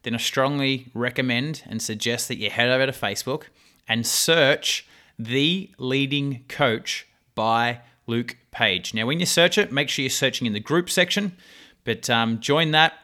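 A man's voice: mid-range voice, measured pace, bright, forceful tone. A man hosting a podcast, chatty and upbeat with many fillers. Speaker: podcast host. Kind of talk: casual podcast interview.

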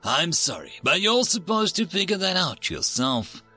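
A man voicing Death, a patient reaper who speaks in a measured, gently apologetic way. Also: sits high, big pitch swings, soft background music, full character voice. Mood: solemn. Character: Death, calm solemn reaper of all beings.

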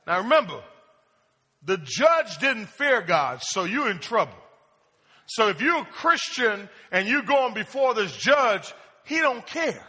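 A man's voice: sits high, sing-song, normal speed, pushed and bright, husky. A male pastor preaching a sermon in a plain-spoken style, asking the congregation questions and acting out casual prayers. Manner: call-and-response preaching, asks the congregation questions. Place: church sanctuary. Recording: long hall reverb.

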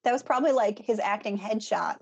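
A woman's voice: mid-range voice, fairly quick, creaky, breathy edge, muffled recording. A woman co-hosting a podcast, talking casually and inquisitively about a film. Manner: inquisitive, talkative. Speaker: podcast co-host. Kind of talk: casual movie review chat.

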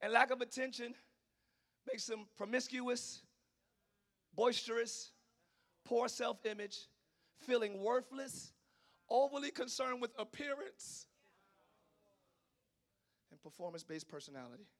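Male preacher; bright, sharp tone, animated delivery with sudden shouts. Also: extremely high pitch, a little slow, long pauses. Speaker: pastor. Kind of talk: sermon.

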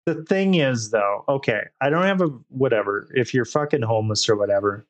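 A young man on a podcast, casually telling a profane, animated story and acting out the other people in it. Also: medium pitch, fairly quick, lo-fi sound. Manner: profane, animated storyteller doing quoted voices. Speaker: podcast co-host.

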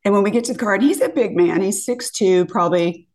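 A woman in her fifties chats her way through a story, voice of middling pitch. She is animated and acts out each quote, her pitch leaping up for the punchlines. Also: quick pace. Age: 50s. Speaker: podcast guest. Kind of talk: casual storytelling.

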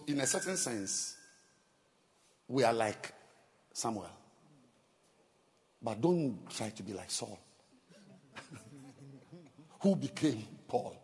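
A male pastor preaching a sermon, animated and laughing, firing rhetorical questions at the congregation. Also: mid-range voice, in a large hall.

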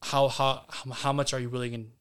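Male podcast guest, mid-pitched and smooth, candid and loose. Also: little pitch movement, normal speed. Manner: candid, casually profane. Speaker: guest actor. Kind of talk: casual podcast interview.

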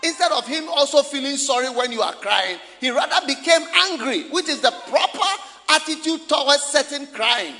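A man preaching a sermon from Ghana, firing questions at the congregation and shouting for emphasis, recorded live in a church. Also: very high-pitched, animated, moderate pace, hardly any pauses. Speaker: pastor. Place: church hall. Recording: live church recording with long hall reverb.

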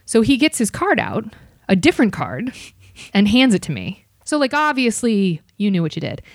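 A woman podcast host tells a story in a casual, jokey way, swearing freely. Her voice leaps around with a lively swing in pitch. It is recorded dry and close, with no room sound. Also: normal speed, dry recording. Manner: animated, profane, jokey.

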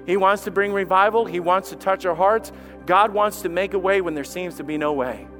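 A man preaching a sermon as lead pastor, impassioned, swinging from hushed to loud and repeating phrases. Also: high voice, a little fast, soft background music.

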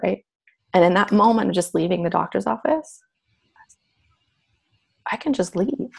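A woman's voice: medium pitch, creaky, breathy edge. A middle-aged woman telling a personal story candidly and reflectively as a podcast guest, acting out remembered voices.

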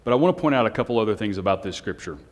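Low-voiced man preaching in a reverberant hall. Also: very fast. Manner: self-described monotone, joking asides with the congregation. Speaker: pastor. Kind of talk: sermon. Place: church hall on a Sunday night.

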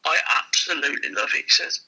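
A man's voice: quick pace, low-quality recording. A man, a used car dealer, telling a casual anecdote and acting out the people in it. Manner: lively, acts out the people in his stories.

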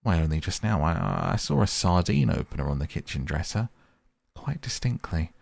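A man voicing a cheerful, bustling male water rat from a storybook, talking briskly and heartily. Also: low-pitched, wildly swooping pitch, gravelly, darkish tone, no echo, studio quality, heavily acted. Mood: reproachful.

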